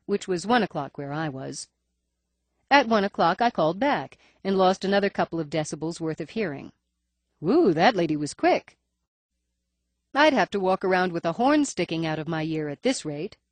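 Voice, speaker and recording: A woman's voice: fairly low pitch, no echo. Woman, audiobook narration, first-person, wry and matter-of-fact, dry close sound.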